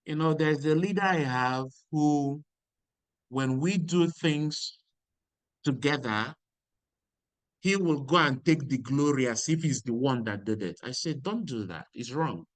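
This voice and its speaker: A man's voice: on the high side, unhurried, long pauses, no echo. A man giving a motivational lecture, emphatic and repeating key lines. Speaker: speaker.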